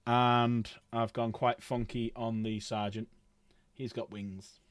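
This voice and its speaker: A man's voice: medium pitch, flat delivery, slow, no echo. A middle-aged man rambling casually while he paints models on a livestream, swearing freely.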